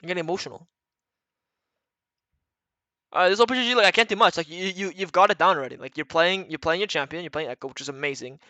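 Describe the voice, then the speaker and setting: A man's voice: sits high, racing, few pauses, sharp tone, dry recording. A man giving blunt, profane, rambling coaching talk to viewers in a casual livestream chat. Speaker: retired pro gamer coaching viewers.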